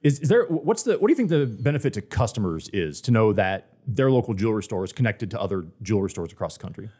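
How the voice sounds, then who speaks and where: Fast-talking friendly male interviewer. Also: on the low side, big pitch swings, dark tone, breathy edge. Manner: quick, friendly, asks questions with fillers. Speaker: podcast interviewer. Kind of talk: casual podcast interview.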